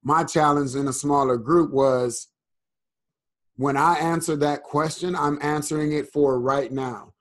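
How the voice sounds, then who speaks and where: A man's voice: on the high side, steady tone, measured pace. A man as a guest on a casual podcast, speaking in a reflective, earnest way.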